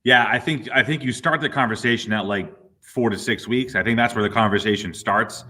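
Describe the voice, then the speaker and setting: A middle-aged man, a physical therapist, casually explaining athletes' injuries with relaxed, playful asides. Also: fairly low pitch, fairly quick. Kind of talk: casual sports injury chat.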